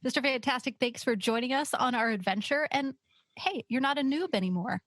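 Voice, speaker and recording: A woman's voice: high voice, fairly quick, a bit bright, no echo. A woman player on a tabletop game podcast, chatting casually with a wry, teasing manner. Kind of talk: casual chat.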